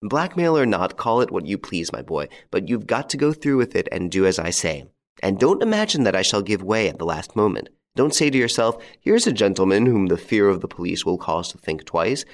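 A man reading the lines of a bold, mocking gentleman thief in an audiobook, with a jaunty, theatrical, taunting manner. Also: fairly low pitch, big pitch swings, fairly quick. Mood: menacing.

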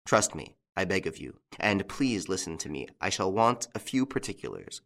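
A composed gentleman thief speaks in a measured, commanding way, voiced by a male audiobook reader. His lowish voice is clear and deliberate, and he questions and reassures with quiet authority. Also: very animated, full character voice. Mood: questioning.

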